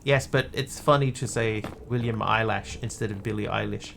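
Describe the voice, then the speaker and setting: A man's voice: fairly low pitch, steady tone, normal speed, vocal fry, fairly bright tone, slight background noise. A man streaming a game, chatting playfully with viewers and cracking jokes as he plays. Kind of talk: casual gameplay commentary.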